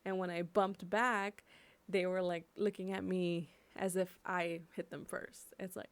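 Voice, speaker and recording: A young woman from California giving impassioned personal commentary on camera, emotional and swearing freely, slowing down to stress her points. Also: fairly low pitch, little pitch movement. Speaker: vlogger.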